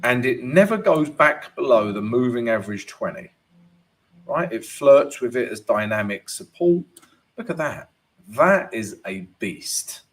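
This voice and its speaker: Lively, chatty man hosting a trading stream. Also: medium pitch, a little slow. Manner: casual, chatty, often adds "right?" and "guys"; laughs at his own jokes. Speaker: trading educator hosting a live Q&A. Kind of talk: live chart analysis and viewer Q&A.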